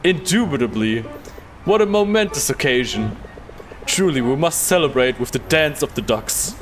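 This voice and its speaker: A man's voice: expressive, moderate pace, soft background music, lightly acted. A man putting on a pompous, old-fashioned theatrical voice for a game character, flowery and exaggerated. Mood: grandiose. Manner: flowery, exaggerated high-pitched delivery.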